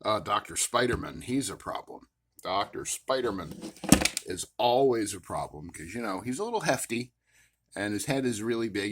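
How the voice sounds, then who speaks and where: A man with a fairly low, slightly rough voice rambles casually at his worktable about his action figures. He's a collector who vlogs, and his show-and-tell is full of "uh" fillers and wry asides that amuse him.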